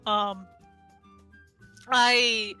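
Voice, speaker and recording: A woman artist chatting casually on a stream, excitable and giggly, talking in bursts. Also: on the high side, drawn-out words, smooth, soft background music. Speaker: vtuber artist on a panel.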